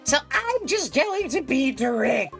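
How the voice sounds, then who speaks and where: A woman voicing a pushy, gossipy elderly woman, drawing her words out in a shrill, sing-song whine. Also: big pitch swings, exaggerated voice. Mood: scolding. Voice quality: high, drawn-out and shrill. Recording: game music playing underneath.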